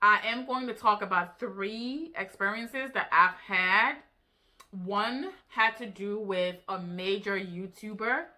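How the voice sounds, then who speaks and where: A woman vlogger casually recounting an online exchange, animated and incredulous, with rhetorical questions to her viewers. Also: medium pitch, slow pace. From Africa. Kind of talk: casual storytelling to camera.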